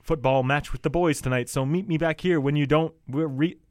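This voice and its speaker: A man's voice: fairly high pitch, fairly quick, dry recording, natural voice. A man reading out the lines of a cheerful, teasing young male roommate, laughing through the read. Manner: reads aloud, breaks off laughing.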